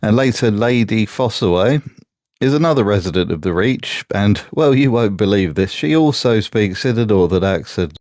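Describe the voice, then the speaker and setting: A man from Britain delivers scripted commentary with a sardonic, mocking edge. His voice is lowish and recorded close and dry, with no room sound at all. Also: animated, normal speed, darkish tone, dry recording. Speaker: YouTube commentator.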